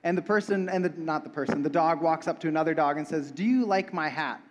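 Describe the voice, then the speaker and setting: A man's voice: fairly high pitch, fast. A young man preaching a casual sermon, joking and asking the audience questions. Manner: playful, talks with the audience. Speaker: pastor.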